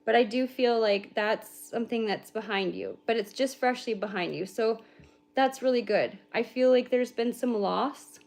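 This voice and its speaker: A woman's voice: a little high, normal speed, vocal fry, a little mellow. A young woman giving an intuitive spiritual reading on a livestream, talking in a rambling, heartfelt way with casual swearing. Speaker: spiritual reader.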